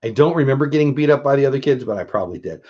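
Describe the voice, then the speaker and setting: Casting: man in his fifties, casual vlogger, self-mocking humor, mid-pitched voice, slightly dull recording. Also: expressive, racing, darkish tone. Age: 50s. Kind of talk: casual chat.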